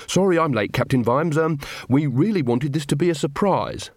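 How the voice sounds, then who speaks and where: A man's voice: fairly high pitch, lively intonation, moderate pace, a little mellow, no room sound, studio quality, voice pushed up. A man voicing an earnest, polite young male watch corporal.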